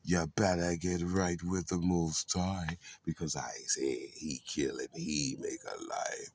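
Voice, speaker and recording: A man's voice: deep voice, steady tone, slow pace, darkish tone, a little hiss or hum. A man rambling about faith outdoors in a garden, preachy with playful asides. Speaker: spiritual vlogger. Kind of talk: rambling casual spiritual musing.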